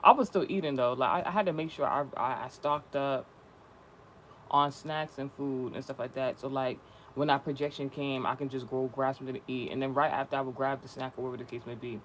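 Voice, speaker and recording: A man's voice: medium pitch, steady tone, fairly quick, fairly bright tone, slight background noise. A young man rambling casually and profanely in slangy vlog talk. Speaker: spiritual content creator.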